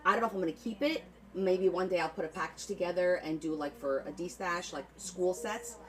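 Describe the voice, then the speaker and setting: A woman with a lowish voice talks fairly quickly as she auctions her handmade journals on a livestream, chatting fondly, naming viewers as she thanks them, and repeating words often. The recording is low quality, with a little hiss or hum.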